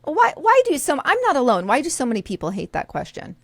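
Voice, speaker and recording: A woman co-hosting a podcast, chatting casually in an upbeat way, quick to laugh and asking the questions. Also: sits high, huge pitch swings, no room sound. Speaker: podcast co-host.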